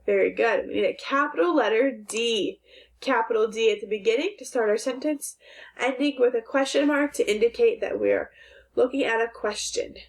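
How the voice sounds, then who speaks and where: Female teacher, slightly high voice, slow, clear delivery for young kids, asks questions and gives praise. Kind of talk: phonics and grammar lesson for young children.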